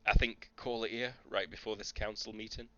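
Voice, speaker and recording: A man's voice: lowish voice, fairly even intonation, fairly quick, bright, forceful tone, no room sound, lo-fi sound. A man running a tabletop game as game master, with dry, wry asides.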